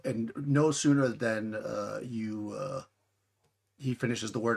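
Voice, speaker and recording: A man's voice: fairly low pitch, fairly even intonation, unhurried, vocal fry, breathy edge. A man narrating as game master of a tabletop game, talking in a rambling way with many restarts.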